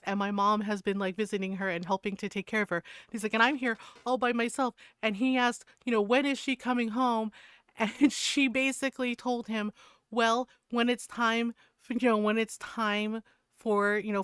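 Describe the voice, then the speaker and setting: Brief: woman streamer, casual animated chatter, profane, crisp, dry close-mic sound. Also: a little high, no echo. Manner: animated retelling, profane, laughs often. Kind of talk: casual chat.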